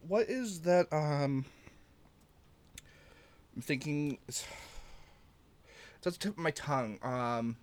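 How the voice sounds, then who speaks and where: A man's voice: on the high side, expressive, takes it slowly, pauses often. A man on a podcast in casual chat, hesitant and searching for words. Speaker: podcast co-host.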